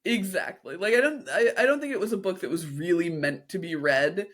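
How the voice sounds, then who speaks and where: A woman co-hosts a podcast in relaxed conversation. She is upbeat and agreeable. She keeps the talk moving between topics. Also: on the low side, a little fast. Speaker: podcast co-host. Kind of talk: casual chat.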